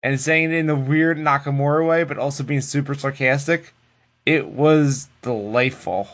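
A man co-hosting a casual podcast, retelling wrestling in a loose, profane, animated way. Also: medium pitch, normal speed. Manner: animated, profane storytelling that acts out the people it quotes. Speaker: podcast co-host recapping wrestling. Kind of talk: casual chat.

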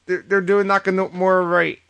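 Man, higher voice, animated, swearing, podcast co-host, casual chat. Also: normal speed, vocal fry.

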